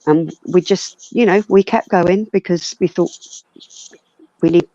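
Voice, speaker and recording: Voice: medium pitch, moderate pace, dark tone, no echo, muffled recording. A blunt panelist venting at length and swearing freely in a casual live stream chat. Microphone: video call.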